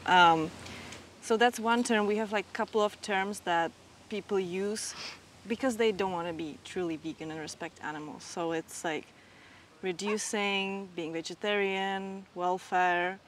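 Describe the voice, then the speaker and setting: An interviewer asks questions in a measured way. Faint background noise sits under the voice. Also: medium pitch. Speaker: interviewer, podcast host.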